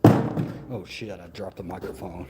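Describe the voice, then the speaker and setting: A man's voice: mid-range voice, lively intonation, measured pace, very noisy. A man, chatting and joking as he vlogs his walk through a museum on a handheld phone. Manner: chatty, joking, rambling, laughs often. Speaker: vlogger. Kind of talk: casual vlog walkthrough. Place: indoor museum halls. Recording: echoey museum rooms, faint ambience.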